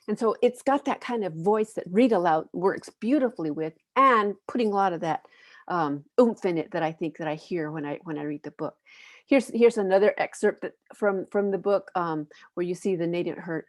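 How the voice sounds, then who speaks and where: A woman from the United States, a panelist and educator, presenting children's books in a reflective, earnest way, often pausing to find her words. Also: lowish voice, dry recording.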